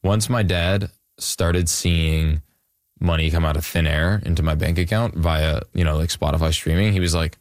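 A man's voice: low-pitched, normal speed, no echo, studio quality. A young man in his twenties from Canada, a musician talking casually in a rambling way with lots of fillers. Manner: relaxed, rambling with many fillers. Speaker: musician guest. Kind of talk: casual interview chat.

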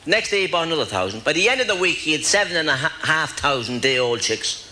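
A man's voice: on the high side, very animated, quick pace, bright, forceful tone. A man with an Irish accent telling long folksy jokes as a stand-up comedian, chuckling along as he goes. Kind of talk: storytelling jokes for a live audience.

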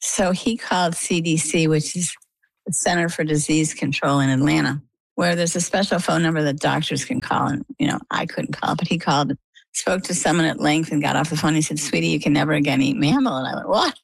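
Older lady from maine, low gravelly voice, tells her story like she's reliving it, acts out the voices. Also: a little fast, no room sound, poor audio. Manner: lively storyteller, acts out quoted dialogue. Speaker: interview guest. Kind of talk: personal story in an interview.

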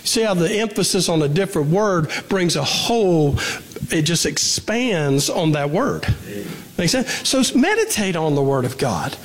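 A man's voice: a little high, very animated, measured pace. A man preaching a sermon in a conversational way, asking his congregation questions and repeating phrases for emphasis. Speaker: pastor. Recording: long reverb of a hall.

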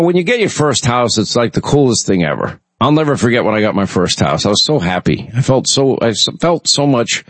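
A man's voice: mid-range voice, no echo. Chatty male radio host, dry close sound. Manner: rambling, chatty storytelling with many restarts. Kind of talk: casual talk radio chat.

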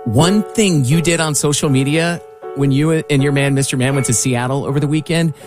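Teasing radio co-host, mid-pitched. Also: brisk, over music. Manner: teasing, playfully prying. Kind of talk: casual morning radio banter.

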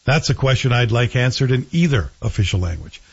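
A man's voice: mid-range voice, a little fast, creaky, husky. Indignant male talk radio host. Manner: animated, indignant, rhetorical questions. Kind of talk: opinionated radio commentary. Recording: slightly dull radio broadcast audio.

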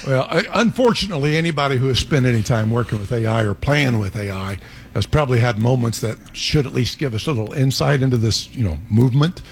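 Older, gravelly, self-mocking man. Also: medium pitch, quick pace. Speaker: panelist. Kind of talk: panel chat.

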